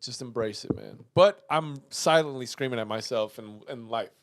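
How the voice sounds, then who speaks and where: A man co-hosting a podcast, telling a story in casual chat, profane and animated, swinging between loud outbursts and muttering. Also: mid-range voice, normal speed, dry recording, clean studio sound. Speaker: podcast co-host.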